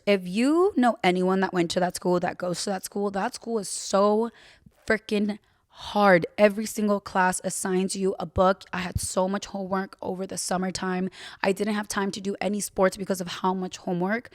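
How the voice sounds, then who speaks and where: A woman's voice: mid-range voice, no echo, studio quality. Chatty young woman telling a story. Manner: chatty, filler-heavy, candid with swearing. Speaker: podcast host. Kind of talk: casual personal storytelling.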